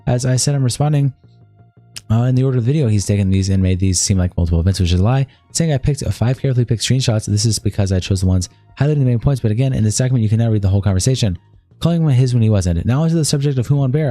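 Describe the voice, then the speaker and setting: A man's voice: lowish voice, animated, racing, mellow, no echo, soft background music. A man on a live stream, reading a long document and message screenshots aloud, often stumbling over words and restarting them. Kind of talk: live-stream read-through with commentary.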